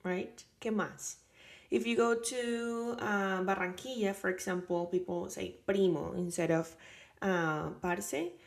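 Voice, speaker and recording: A woman's voice: mid-range voice, fairly even intonation, a little slow, creaky. A woman from Colombia with a Colombian Caribbean Spanish accent, giving a casual chatty language lesson and repeating example phrases. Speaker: Spanish teacher.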